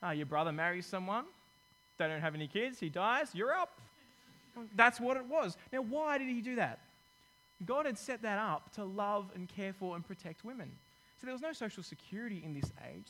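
A male pastor preaching a sermon in a lively, conversational way, dropping in corny jokes. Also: high-pitched, low-quality recording.

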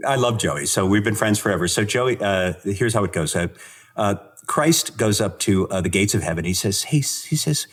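A man with a husky, low voice chats casually and tells jokes. His pitch moves about a lot, and he stumbles and restarts as he talks. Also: animated. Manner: halting, full of fillers and restarts. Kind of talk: casual chat, joke telling.

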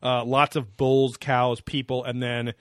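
A man's voice: mid-range voice, little pitch movement, unhurried, no room sound, studio quality. A young man co-hosting a podcast in casual chat, sarcastic and rambling with lots of fillers and swearing. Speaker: podcast co-host.

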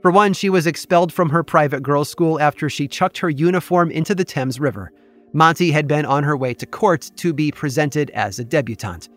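A man's voice: on the high side, brisk. Man narrating a curious tale. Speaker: podcast host and narrator. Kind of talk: scripted storytelling narration. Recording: faint music bed behind.

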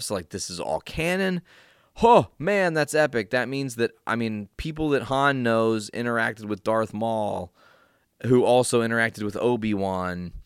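Excitable low-voiced man recapping a film. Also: dry recording, clean studio sound. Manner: enthusiastic, swears often, lots of fillers. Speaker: film reviewer.

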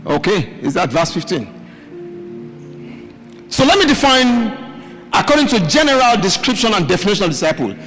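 A male pastor preaching a live midweek sermon, calling out questions for the congregation to answer and shouting key words. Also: sits high, sing-song, normal speed, pauses often. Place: church hall with live congregation. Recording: live hall recording, reverb, faint music.

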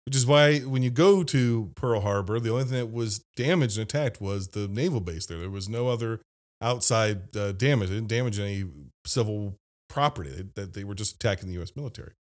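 A man's voice: fairly low pitch, a little fast. A man from Ohio hosting a casual movie-review podcast, laughing often and mimicking lines from films. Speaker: podcast host.

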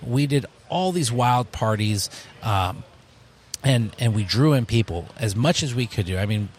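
A man, a bar co-owner, telling stories in a casual interview, animated and full of restarts. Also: mid-range voice, unhurried, slight background noise. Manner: storytelling, animated, many restarts.

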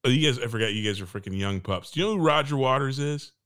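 A man's voice: medium pitch, expressive, fast, a bit bright, clear, resonant tone. A man co-hosting a casual podcast chat, teasing the others and chuckling, with some swearing. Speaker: podcast co-host.

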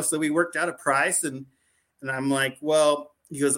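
A man as a podcast guest, rambling through animated anecdotes full of "like" and acted-out quoted dialogue. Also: fairly high pitch, moderate pace. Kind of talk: casual storytelling chat.

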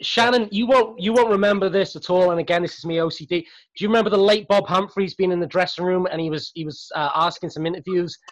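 A man's voice: sits high, fast talker, rough recording. A man hosting a casual podcast reunion, chatty and stumbling over his words as he asks questions. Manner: chatty, stumbling, laughs often. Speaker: podcast host.

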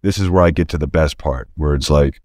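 Deep-voiced man, candid and casual. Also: fairly quick, a little mellow, dry recording, studio quality. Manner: casual, says "man" a lot, frank and reflective. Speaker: interview guest. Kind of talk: candid conversational storytelling. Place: indoors, office.

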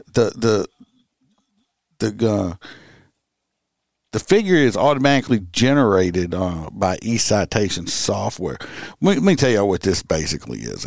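A man's voice: fairly low pitch, creaky, darkish tone, no room sound, clean studio sound. A man co-hosting a casual podcast, a police officer telling stories in a folksy, profane way with many fillers.

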